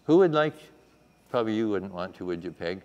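A man's voice: on the low side, expressive, fairly quick, muffled recording, a little hiss or hum. A man teaching a children's Bible lesson in a chapel, asking the room questions and acting out the story. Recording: echoey hall.

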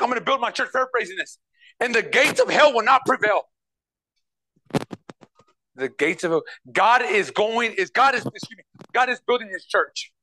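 A man preaching a sermon as pastor, reading scripture verse by verse and swinging between quiet asides and loud, emphatic passages. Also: sits high, low-quality recording.

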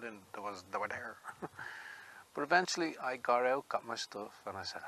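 Chatty Irish man with a bright voice. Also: lowish voice, very animated, normal speed. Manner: rambling, chatty, laughs often. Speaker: vlogger. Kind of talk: casual walking vlog.

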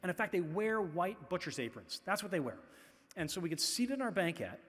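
A man's voice: high voice, very animated, brisk, a bit bright, slightly rough. A middle-aged man from the Boston area telling chatty anecdotes at a public talk, full of "you know" asides. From Boston area, USA. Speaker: author giving a festival talk. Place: large festival venue. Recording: long hall reverb in a big venue.

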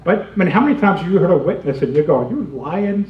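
A man giving a humorous seminar talk, animated and chatty, laughing often and acting out little scenes. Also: fairly high pitch, very fast. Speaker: comedy seminar speaker. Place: seminar room. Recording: roomy, muffled, distant hall recording.

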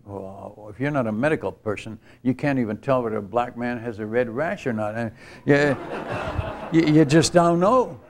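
A man's voice: medium pitch, normal speed, background noise. Older man telling a mission story. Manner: earnest, rambling storytelling with many restarts. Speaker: missionary speaker. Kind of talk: storytelling sermon at a church retreat. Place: church retreat camp gathering.

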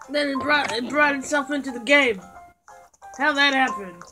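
A woman giving playful, joking commentary while playing a video game, often breaking into excited exclamations. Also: high-pitched, normal speed. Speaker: gaming video creator. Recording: clear game music behind voice. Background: game music.

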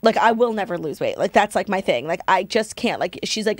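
A young woman co-hosts a chatty podcast, rattling along quickly and filling her sentences with "like". Her voice sits in a middle range and sounds close and dry. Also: medium pitch, expressive, dry recording. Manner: rambling, heavy use of "like". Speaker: podcast co-host. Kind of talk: casual chat.

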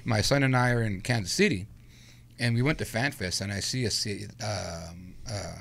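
A man's voice: fairly low pitch, moderate pace, vocal fry. A middle-aged man telling a long personal story in a casual interview, acting out what people said. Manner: animated anecdote-telling with acted-out quotes. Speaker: guest storyteller.

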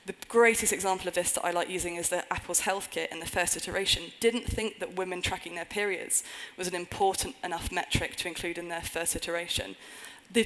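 Woman speaker, lowish voice, earnest conference talk with dry jokes thrown in. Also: a bit bright, rough recording. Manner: earnest, with wry humorous asides. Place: conference stage before an audience.

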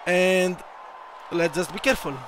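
Young man, high-pitched, unhurried, excitable gameplay commentary, swears when things go wrong. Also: a little hiss or hum. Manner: excitable, swears and shouts at his troops, laughs at himself. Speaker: gaming YouTuber.

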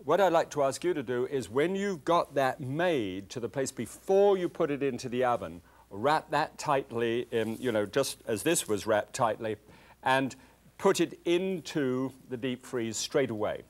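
A man's voice: mid-range voice, animated, a little slow. An older man, demonstrating a recipe in a chatty, enthusiastic way as a cooking show host.

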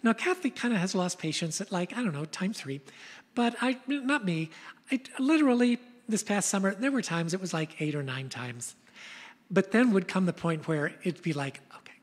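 An older woman pastor preaching a sermon, telling stories in an animated way. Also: mid-range voice, moderate pace, husky, long reverb tail. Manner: storytelling, animated retelling of scenes.

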